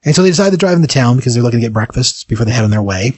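A man's voice: medium pitch, animated, rapid-fire, darkish tone, no echo. A man casually retelling a story as host, rambling with many fillers.

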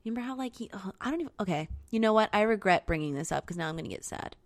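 With no room sound, a young woman's mid-range voice comes through as she recaps a film in casual podcast chat. As co-host, she talks animatedly and readily performs characters' lines.

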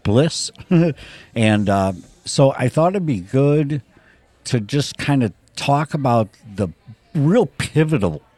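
A man hosting a podcast in casual conversation, thinking aloud in a relaxed way as he sets up his questions. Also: mid-range voice, takes it slowly, no echo. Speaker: podcast host.

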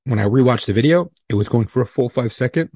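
A man's voice: mid-range voice, quick pace, husky, dry recording, studio quality. A man, a police officer, retelling a heated work dispute in casual podcast talk, swearing often and acting out both sides. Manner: profane, animated retelling with heated quoted exchanges.

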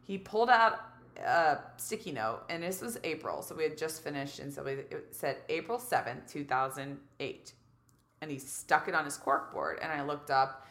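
A woman in her thirties tells a story in a casual, animated way, acting out what people said and saying "like" a lot. Her voice sits low, and the room around her echoes. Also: moderate pace. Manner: animated, acts out quotes, heavy use of "like". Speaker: guest.

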